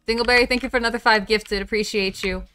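Bright-voiced woman streamer, swearing. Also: on the high side, fairly even intonation, quick pace, faint music behind. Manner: swears freely, talks to herself while playing. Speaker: game streamer. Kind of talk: casual livestream chat while gaming.

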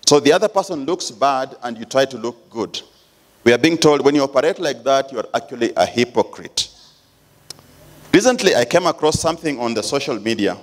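Lively Kenyan man preaching a sermon. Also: medium pitch, fairly quick. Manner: lively storytelling, emphatic. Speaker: church elder preaching.

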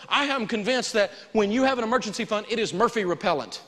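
A man teaching a live personal finance lesson in a folksy, animated way, prompting the audience to answer back. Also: high voice, fast talker, long reverb tail.

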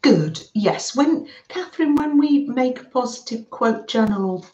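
A British woman hosting a live craft stream, warmly welcoming viewers by name and chatting as she works. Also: high voice, sing-song, slow pace, reverberant, lo-fi sound. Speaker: craft livestream host.

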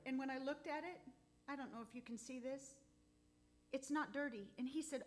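A woman giving a heartfelt, halting testimony in church, close to tears at times. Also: sits high. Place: church sanctuary.

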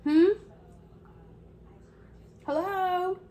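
High-voiced woman playfully scolding. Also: fairly even intonation, drawn-out words, dark tone. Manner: playful scolding, talks to toddler and viewers. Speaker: parent vlogger. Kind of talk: casual prank vlog talk.

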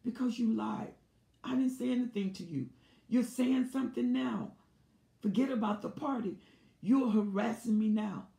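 A woman voicing an angry wife loudly accusing her husband. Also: a little high, normal speed, gravelly, reverberant, voice pushed up. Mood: indignant. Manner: loud and accusing.

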